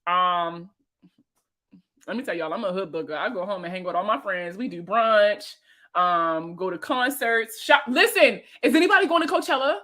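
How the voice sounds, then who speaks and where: A woman around thirty with a Baltimore accent, hosting a casual livestream chat with viewers, slangy and profane and quick to laugh. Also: mid-range voice, pushed and bright. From Baltimore, USA. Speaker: host answering viewer comments.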